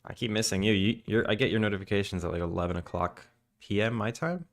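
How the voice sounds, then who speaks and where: A young man chatting casually with viewers on a live stream, drowsy and relaxed in his early-morning voice. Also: fairly low pitch, fast talker. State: just woken up, morning voice. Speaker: game developer streamer.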